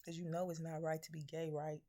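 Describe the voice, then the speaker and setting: A deep, mellow female voice comes through with a flat delivery at a fairly quick pace. The speaker, a spiritual reader, preaches bluntly to viewers in a profane, scolding message packed with rhetorical questions.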